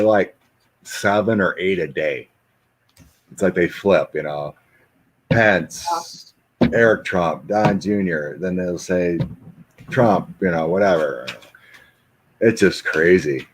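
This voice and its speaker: A man hosting a casual chat, rambling and animated, with mocking asides. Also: deep voice, slight background noise. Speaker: host. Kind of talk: casual chat with tarot reading.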